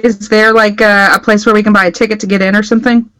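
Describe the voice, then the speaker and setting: A woman's voice: mid-range voice, little pitch movement, fast talker, a bit bright, poor audio. A woman playing a tabletop game, chatty and joking. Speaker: player. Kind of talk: casual tabletop play.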